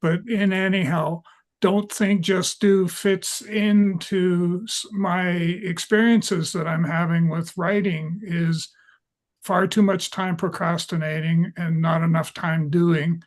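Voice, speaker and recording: A man joins a roundtable as a guest writer and mentor. He speaks plainly and thoughtfully, in a voice pitched a little higher than most men's. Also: fairly even intonation, takes it slowly. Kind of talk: casual roundtable chat.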